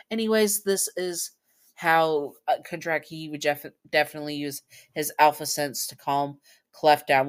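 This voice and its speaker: A woman casually reading fan fiction aloud, stumbling over words and apologizing as she corrects herself. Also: deep voice. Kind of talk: casual story read-aloud.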